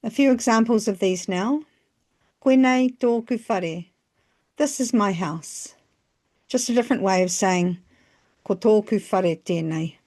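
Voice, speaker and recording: A woman narrating a scripted language lesson, phrasing each example slowly and carefully. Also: mid-range voice, a little mellow. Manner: slow, careful phrasing with pauses between examples. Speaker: language teacher.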